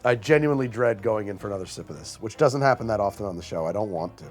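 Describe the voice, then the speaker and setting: A man hosting a cocktail show, reviewing bad drinks with theatrical disgust and deadpan asides. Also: on the low side, racing, faint music behind.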